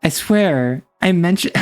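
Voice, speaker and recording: A woman's voice: fairly low pitch, animated, slow pace, smooth, faint music behind. A woman streamer chatting casually and playfully with her chat, laughing often. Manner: playful, giggly, teasing.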